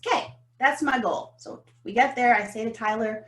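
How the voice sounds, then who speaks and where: A woman, co-hosting a podcast and telling a story about business in an animated, emphatic way. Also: a little high, moderate pace. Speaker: podcast co-host. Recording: roomy echo.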